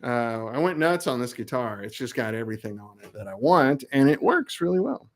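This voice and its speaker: Background noise accompanies this man's medium-pitched voice, which moves fairly quickly with big pitch swings. A middle-aged amp builder, he's hosting his live web show, chatting casually and rambling with jokes at his own expense.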